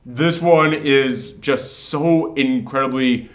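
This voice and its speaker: A man's voice: medium pitch, slow. A man co-hosting a movie review show, talking casually and with strong opinions, often acting out lines from the film. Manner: lively, opinionated, acts out quoted lines.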